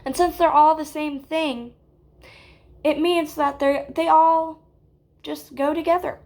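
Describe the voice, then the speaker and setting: A woman with a high voice delivers a mock spiritual lecture at an unhurried, drawn-out pace. She keeps it deadpan and keeps checking in with her listeners with "okay?". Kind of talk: deadpan parody self-help lecture.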